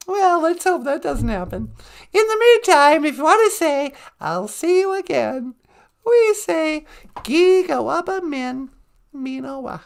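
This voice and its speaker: High, giggly, creaky-voiced woman host. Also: animated. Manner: giggly, playful, teaching words slowly. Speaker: podcast host. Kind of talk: comedic casual chat.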